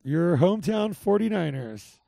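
A man's voice: sits high, expressive, unhurried, creaky, warm tone, no room sound, studio quality. A man hosting a podcast, rambling casually through game picks with lots of restarts and filler. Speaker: podcast host. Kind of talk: casual sports betting chat.

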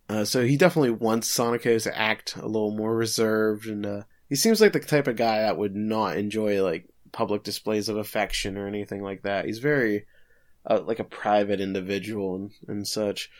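A man's voice: lowish voice, fairly even intonation, fairly quick. A man co-hosting a podcast, casually recapping an episode with filler words and light chuckles. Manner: laid-back summarizing with filler words and chuckles.

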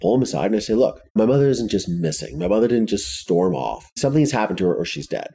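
A man's voice: lowish voice, lively intonation, quick pace, dark tone, husky. A man from Ohio telling a personal story in the first person, blunt and intense, swearing freely. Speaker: podcast guest telling his story.

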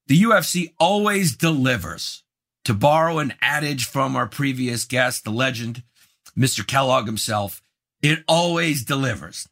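An American man hosting a sports talk show, ranting in a brash, mock-outraged way, dropping to low mutters and then building to loud, emphatic outbursts. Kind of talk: opinionated sports rant.

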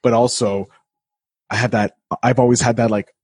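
A man's voice: mid-range voice, flat delivery, moderate pace, darkish tone, slightly rough, no room sound. A man hosting a casual podcast, chatty and rambling, often repeating himself. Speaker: podcast host.

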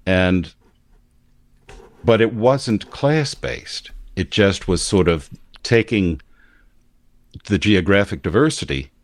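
A man with a standard American accent, explaining his views in a casual discussion in a measured way. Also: fairly low pitch, lively intonation, no room sound. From United States. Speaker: commentator.

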